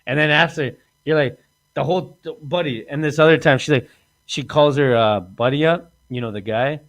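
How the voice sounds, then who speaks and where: A man's voice: fairly high pitch, moderate pace, fairly bright tone. A man hosting a podcast, telling crude stories in a rambling way, laughing often and acting out what people said. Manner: rambling, laughs often, acts out quoted lines. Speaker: podcast host. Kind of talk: crude casual storytelling.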